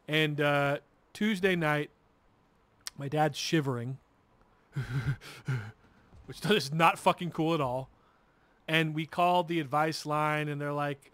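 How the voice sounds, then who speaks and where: Slightly high and bright, this gamer streamer's voice moves at a measured pace in a dry recording. He spins a long, rambling tale as he plays, cursing freely and frequently starting over.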